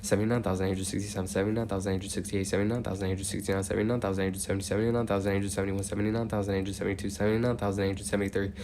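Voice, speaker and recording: A man livestreaming as he counts out loud without a break, now and then drifting off into rambling chat full of "like". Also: deep voice, flat delivery, very fast, few pauses, a little hiss or hum.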